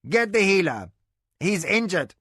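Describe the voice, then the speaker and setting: A firm male steward , voiced by a man, barks out orders in a raised, higher voice that carries over the commotion. He sounds commanding and steady. The recording is dry and close. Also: slow, no room sound. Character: firm male household steward, taking charge.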